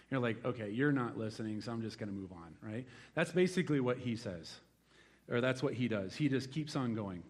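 A middle-aged man preaching a sermon in a conversational, animated way, acting out the voices in his stories. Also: mid-range voice. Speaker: pastor.

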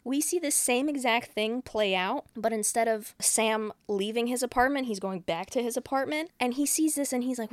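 A woman with a fairly high voice runs through a movie plot in loose, casual podcast chatter, swearing freely and slipping into the characters' lines as she goes. Her voice is recorded close and dry. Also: normal speed, few pauses, no room sound. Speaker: podcast co-host.

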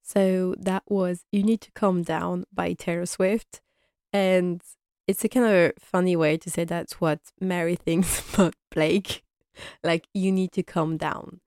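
Young woman gushing about a show episode, laughy, lotsa "like", lowish voice, dry sound. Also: steady tone, takes it slowly, darkish tone, clean tone, no room sound. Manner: chatty and enthusiastic, laughs often, many "like" fillers. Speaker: fan reviewer of a TV series. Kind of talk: casual episode recap.

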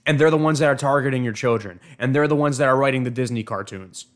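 A man's voice: medium pitch, fast talker. A man hosting an opinion commentary on video clips, indignant and emphatic, often stumbling and repeating words. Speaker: show host.

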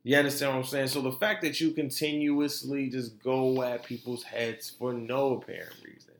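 A man hosting a podcast, giving animated, profane commentary and laughing often. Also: medium pitch, moderate pace, echoey room. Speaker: podcast host. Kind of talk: casual commentary.

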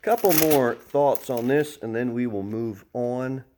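A middle-aged man giving a sermon as pastor, animated, shifting between loud emphasis and soft, calm talk. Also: mid-range voice, measured pace, background noise.

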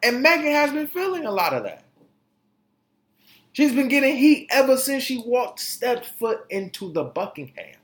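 Animated joking man, echoey room. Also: extremely high pitch, moderate pace. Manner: animated, joking, laughs often, slang-heavy. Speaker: podcast host. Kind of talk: casual opinion commentary on celebrity news.

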